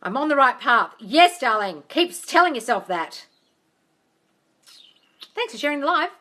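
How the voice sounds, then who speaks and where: A woman's voice: sits high, unhurried. A woman coach answering live-stream comments, blunt and sweary, calling viewers darling. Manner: bursts into loud excited cheers.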